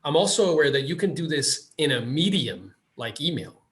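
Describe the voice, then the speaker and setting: Animated man hosting a podcast. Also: fairly high pitch, moderate pace. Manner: animated storyteller, acts out quotes. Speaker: podcast host. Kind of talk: casual interview chat.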